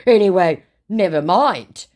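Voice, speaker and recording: A woman's voice: lowish voice, lively intonation, unhurried, darkish tone, voice pushed up. A woman voicing a clueless, pushy male online scammer who speaks broken English in an eager, overexcited way.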